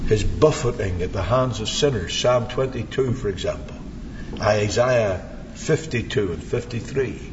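A man delivers a sermon at an unhurried, deliberate pace, his voice sitting fairly high and swinging between soaring and hushed passages. The recording is dull and muffled, with a long hall reverb and a faint hiss underneath. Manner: slow, dramatic preaching with wide swings from soaring to hushed. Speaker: preacher.

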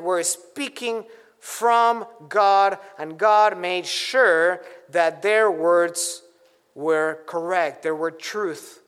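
A man with a high voice preaches slowly and deliberately, leaning hard on key words as he works through scripture. His voice rings out with a long reverb, as if in a large hall. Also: fairly bright tone, clear, resonant tone. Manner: deliberate, emphatic teaching with scripture quotes. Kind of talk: expository sermon.

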